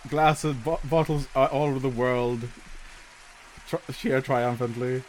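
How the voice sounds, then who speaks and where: A man's voice: mid-range voice, level tone, unhurried, a little mellow, a little hiss or hum. A man narrating a tabletop game as game master, rambling with lots of fillers.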